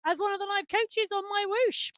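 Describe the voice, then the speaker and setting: A woman's voice: extremely high pitch, fairly even intonation, moderate pace, fairly bright tone, no echo. A woman co-commentating a live virtual cycling race, chatty and teasing. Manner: chatty, teasing, often starts with "I'll tell you something". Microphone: headset with talkback in ears.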